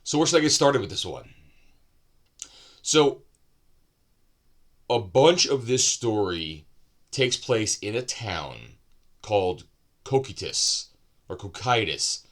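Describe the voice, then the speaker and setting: Casual male book reviewer, lowish voice, chatty and wandering, thinks aloud mid-sentence. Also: lively intonation, slow, pauses often. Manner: loose and rambling, with asides and self-corrections.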